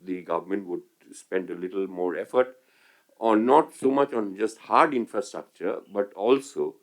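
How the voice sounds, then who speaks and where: Deep-voiced older man with an Indian accent. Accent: Indian English. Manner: measured, many hesitations and restarts. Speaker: economist panelist. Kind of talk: panel discussion remarks.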